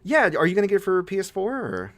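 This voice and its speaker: A young man co-hosting a casual podcast, talking in an excitable, gushing way that jumps into high-pitched bursts. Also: quick pace. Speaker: podcast co-host. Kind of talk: casual chat.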